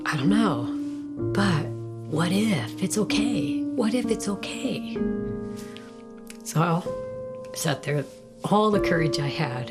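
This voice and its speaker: Woman, low voice, slow delivery, emotional testimony, loud guitar music behind. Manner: emotional, reflective storytelling. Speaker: testimony speaker. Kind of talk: personal testimony.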